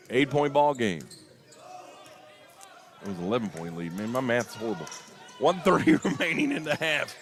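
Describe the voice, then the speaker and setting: Excitable male basketball play-by-play caller. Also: on the high side. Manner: excitable, rises sharply on big plays and disputed calls; openly partisan, admits getting emotional. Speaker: play-by-play announcer. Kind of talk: live basketball commentary.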